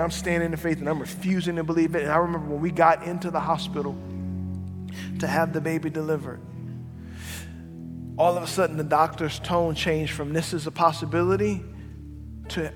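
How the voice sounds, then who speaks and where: A fairly high-voiced man in his thirties preaches an earnest personal testimony, at times falling soft and quiet. His voice rings through a large church hall with a long reverb. Music plays clearly underneath. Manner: earnest storytelling, drops soft and quiet at emotional moments. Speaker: pastor. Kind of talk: sermon testimony. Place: church sanctuary.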